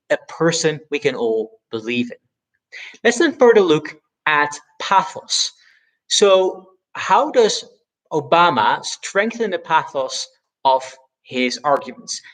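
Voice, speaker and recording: A man teaching debate skills in an instructional video analysis, explaining clearly and deliberately leaning on key words. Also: on the high side, fairly bright tone, low-quality recording. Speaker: debate educator.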